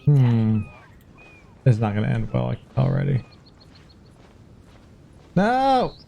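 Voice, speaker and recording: A man streaming a game and chatting with friends, excitable, yelping and pleading when his character is in danger. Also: mid-range voice, unhurried, creaky. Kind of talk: casual let's play chat.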